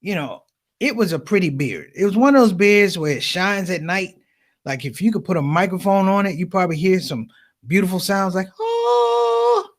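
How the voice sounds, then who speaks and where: Animated stand-up comic, high and lively. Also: male voice, brisk. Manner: animated storytelling, addresses audience as brothers and sisters. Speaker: comedian. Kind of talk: stand-up comedy.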